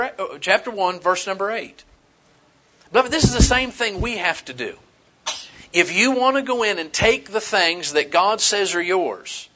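A middle-aged male pastor preaching with a bright, slightly raised voice. He swings between scripture and homespun stories with easy humor and animated emphasis. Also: high-pitched. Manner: animated, folksy storytelling with humor. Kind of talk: sermon.

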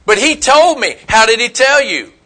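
A man's voice: very high voice, big pitch swings, normal speed, bright, forceful tone. A man preaching a conversational sermon, telling stories in a blunt, folksy way and asking his listeners questions.

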